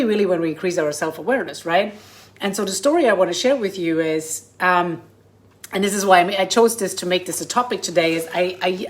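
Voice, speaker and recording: Bubbly woman hosting a casual podcast. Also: lowish voice. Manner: bubbly, enthusiastic, chatty with frequent restarts. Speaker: podcast host and coach. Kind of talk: casual solo podcast talk. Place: home in Germany.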